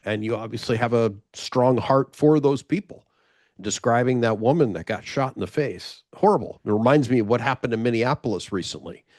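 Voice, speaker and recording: A man in the host's seat asks his guest casual questions, often trailing off and starting over mid-sentence. His voice is mid-pitched and recorded dry, with no room echo. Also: fairly quick, darkish tone. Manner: rambling, restarts his questions. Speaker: podcast host. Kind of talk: interview questions, casual chat.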